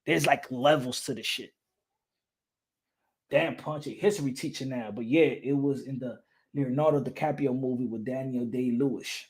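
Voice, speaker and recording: A man hosting a boxing podcast in a loud, animated rant, laughing and swearing often. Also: mid-range voice, moderate pace, husky. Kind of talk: casual livestream rant.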